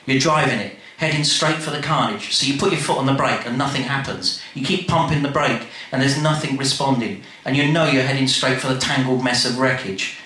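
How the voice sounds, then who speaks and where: A man telling a comic story in a chatty, animated way, speaking straight to the listener. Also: medium pitch, a little fast, few pauses. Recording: very echoey room, faint noise.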